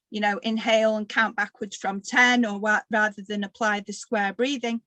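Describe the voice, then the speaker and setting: A woman guides a breathing meditation in a slow, unhurried voice. She speaks gently and leaves long pauses, sounding a little tired. The sound is dry and close, with no room echo. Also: medium pitch. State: tired, occasional coughing. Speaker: workshop leader.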